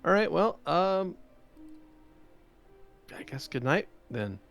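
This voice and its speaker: A man's voice: high-pitched, sing-song, slow pace, creaky, a bit bright, faint music behind. A young man in a tabletop game session, talking casually in character with lots of fillers. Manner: casual, filler-heavy, rambling. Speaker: player.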